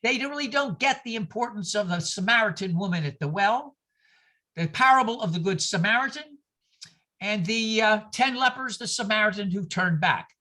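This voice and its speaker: An older man from New York teaching a class on a video call, animated and digressive, with anecdotes and asides. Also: sits high, normal speed.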